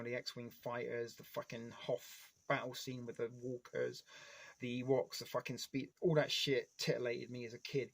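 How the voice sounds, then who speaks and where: Rambling, foul-mouthed man live-streaming. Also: medium pitch. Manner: rambling, heavy swearing; nostalgic fan enthusiasm. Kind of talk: casual live-stream chat.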